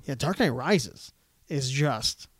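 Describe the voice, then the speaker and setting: A man's voice: medium pitch, expressive, slow, slightly rough, no echo, studio quality. A man in casual chat, talking animatedly as a comic-book fan.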